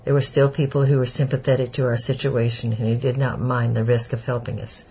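A man voicing an elderly Jewish refugee who speaks with a German accent, slow, heavy and bitter. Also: medium pitch, little pitch movement, warm tone, husky, low-quality recording. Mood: grim. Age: older. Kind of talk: audiobook character voice.

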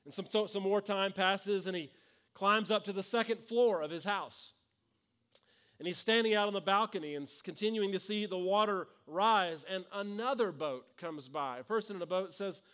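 A man's voice: high voice, moderate pace, fairly bright tone, clear, resonant tone. A man, preaching a sermon in an earnest, conversational way with frequent restarts. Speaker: pastor.

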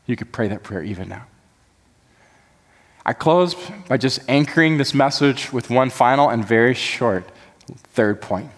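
A man's voice: fairly low pitch, normal speed, pauses often, slightly rough, in a large hall. A man preaching a sermon as pastor, earnest and building to impassioned emphasis.

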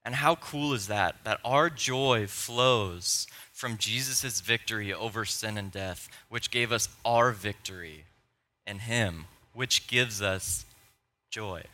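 A man pastor preaching a sermon in a church, playful and excitable, with nerdy enthusiasm. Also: lowish voice, takes it slowly. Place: church sanctuary.

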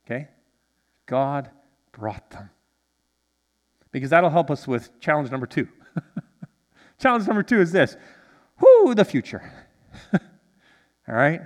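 Male preacher, lively, slightly high voice, long church reverb, sermon delivery. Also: slow pace, long pauses. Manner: animated, with congregation call-and-response. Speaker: pastor. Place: church sanctuary.

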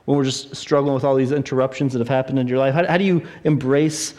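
A man preaching a sermon, retelling a story with animated, acted-out voices. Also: medium pitch, fast. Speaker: pastor.

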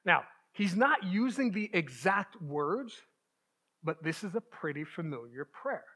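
A man's voice: high voice, sing-song, a little slow, pushed and bright. A man preaching a conversational sermon, earnest and informal, often checking in with his listeners.

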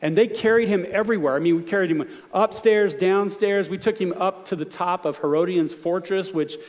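A man's voice: high voice, a little fast. Male pastor mid-sermon, earnest storyteller, voice ringing through a big hall. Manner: storytelling, earnest, emphatic questions to the congregation.

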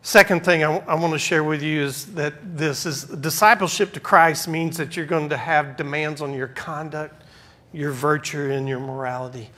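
Male pastor, preaching, emphatic with soft asides. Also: on the high side, fairly even intonation, moderate pace. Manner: swings from loud emphatic preaching to quiet asides. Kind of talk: sermon.

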